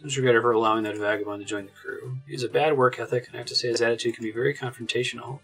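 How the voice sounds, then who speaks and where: A man voicing a gruff male pirate ship captain while reading game dialogue aloud. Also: medium pitch, steady tone, very fast, a bit bright, faint music behind. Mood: stern.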